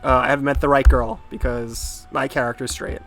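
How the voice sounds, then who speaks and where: Sarcastic gravelly young gamer man. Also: mid-range voice, little pitch movement, brisk, fairly bright tone, soft background music. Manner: sarcastic, rambling, exasperated. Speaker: game let's-player. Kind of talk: casual gameplay commentary.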